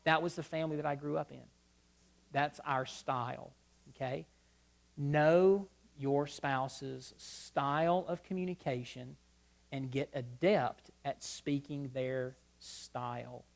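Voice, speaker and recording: Man, middle-aged, speaker at a church marriage conference, a lively storyteller who plays every part in his anecdotes. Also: mid-range voice, slow, creaky. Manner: lively storyteller, acts out both sides of dialogues. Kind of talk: humorous church conference talk. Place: church sanctuary before a live audience.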